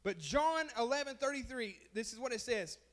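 A man's voice: very high voice, animated, moderate pace, a bit bright. A man preaching a sermon as pastor, impassioned, calling out to the congregation and repeating phrases for emphasis.

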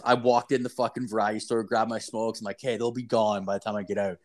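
A man's voice: fairly low pitch, steady tone, fast, hardly any pauses, darkish tone. Profane rambling male podcast storyteller. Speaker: podcast co-host. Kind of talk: casual storytelling chat.

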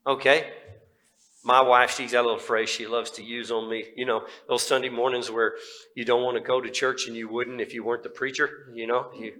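A man's voice: mid-range voice, flat delivery, brisk, bright, forceful tone, low-quality recording. A middle-aged male pastor preaching a sermon in a folksy, conversational way, with fillers and asides.

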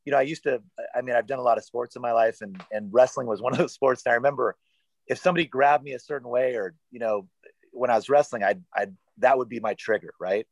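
A man's voice: mid-range voice, fast talker, no room sound, poor audio. A man chatting as a podcast guest, rambling and self-deprecating with lots of fillers. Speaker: guest actor. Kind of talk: casual podcast chat.

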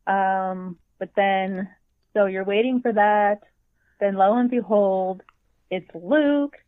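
A woman's voice: mid-range voice, slow, dry recording. A chatty woman telling a story with plenty of animation, acting out her own reactions as she goes. Her voice comes through a thin, tinny, phone-like line. The sound is dry and close. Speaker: podcast co-host. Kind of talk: casual fan chat.

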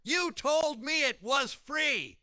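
A man playing a hot-tempered, bossy dad in a comedy sketch, yelling and insulting his son. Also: extremely high pitch, lively intonation, slow, no echo, studio quality, full character voice. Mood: angry. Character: hot-tempered loud middle-aged dad.

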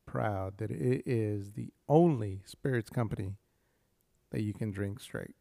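A man's voice: on the low side, a little slow, creaky, mellow, dry recording. A man talking as a guest on a podcast, joking and laid-back, in a studio. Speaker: guest from a spirits company. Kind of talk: casual podcast chat.

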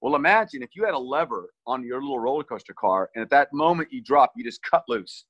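A man's voice: medium pitch, animated, fast, dry recording, highs cut off. A middle-aged man earnestly recounting a rescue he led, often restarting and repeating words as he remembers. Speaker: relief team leader recounting a rescue. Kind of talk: personal storytelling in conversation.

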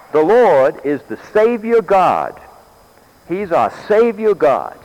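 An older man, a grandfather, preaching a sermon in a meeting hall, questioning his listeners and repeating key phrases. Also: sits high.

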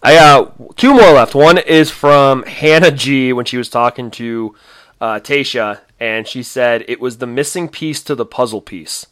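A man's voice: medium pitch, measured pace, fairly bright tone, no echo, studio quality. A man co-hosting a podcast in casual chat, laughing often and quoting others. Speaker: podcast co-host.

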